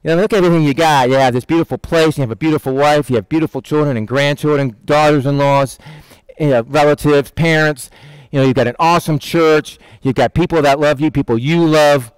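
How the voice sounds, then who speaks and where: A man voicing God as a blunt figure who rebukes a complainer in a rapid, exasperated way. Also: a little high, fairly even intonation, clear, resonant tone, no room sound, close to an everyday voice, low-quality recording.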